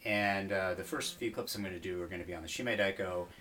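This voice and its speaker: A man teaching taiko drumming in an instructional video, explaining in a relaxed way with fillers and counting beats aloud over his drumming. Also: low-pitched, quick pace, slight background noise. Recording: distant mic, drumming behind. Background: taiko drum hits.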